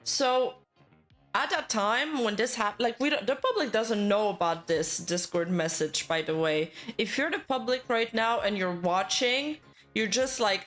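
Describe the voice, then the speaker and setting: A woman's voice: on the high side, a little slow, fairly bright tone, faint music behind. A woman giving casual, rambling commentary on internet news, full of fillers and self-corrections.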